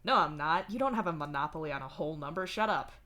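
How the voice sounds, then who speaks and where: A woman reading a laid-back, deadpan young man's lines in a live story reading, in a fairly low voice. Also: fast. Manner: deadpan, casual drawl.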